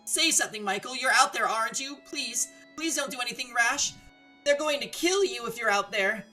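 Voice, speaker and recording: A woman voicing a spirited, devoted young woman who pleads loudly and urgently, reading a visual novel aloud. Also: on the high side, animated, moderate pace, faint music behind, pitched above the performer's own voice. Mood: pleading.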